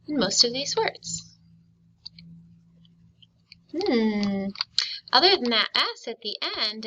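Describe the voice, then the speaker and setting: Slow, bright-voiced phonics teacher woman. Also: a little high, poor audio. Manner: slow and clear, stretching out sounds and syllables; asks questions and pauses for children to answer. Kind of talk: recorded phonics lesson for young children.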